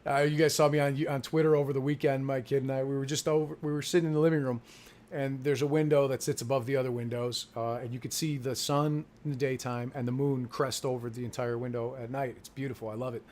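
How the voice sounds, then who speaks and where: A man's voice: medium pitch, flat delivery, fast talker. Profane, joking male trading streamer. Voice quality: profane, joking, loud bursts of laughter. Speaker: stock market livestream host. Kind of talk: casual trading livestream chat.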